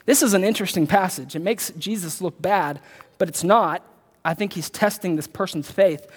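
A man preaching a sermon, emphatic, repeating his key points and slowing down to read scripture aloud. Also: high-pitched, slightly rough. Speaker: pastor. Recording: long hall reverb.

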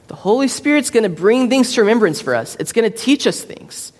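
A man's voice: very high voice, big pitch swings, brisk, few pauses. Casual preaching man in a reverberant hall. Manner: casual storytelling with many fillers and restarts. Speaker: pastor. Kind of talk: sermon.

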